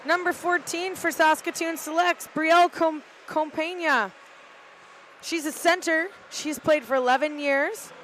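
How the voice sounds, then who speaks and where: Woman, middle-aged, high voice, amateur sports commentary, hesitant fillers, arena balcony, faint crowd noise. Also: measured pace. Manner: relaxed, chatty, hesitant with fillers. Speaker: volunteer play-by-play commentator, team parent. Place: arena balcony overlooking ice rink.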